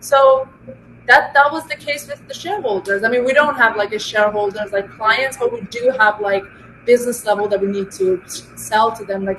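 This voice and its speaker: High-voiced woman telling animated work stories. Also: moderate pace, a little hiss or hum, rough recording. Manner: animated storytelling, many fillers and restarts. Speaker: data scientist guest. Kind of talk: casual interview conversation.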